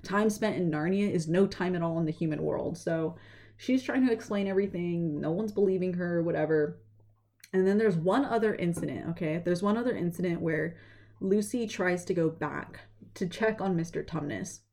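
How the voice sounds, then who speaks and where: A young woman casually retelling a story, chatty and animated, slipping into quick voices for the characters. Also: fairly low pitch.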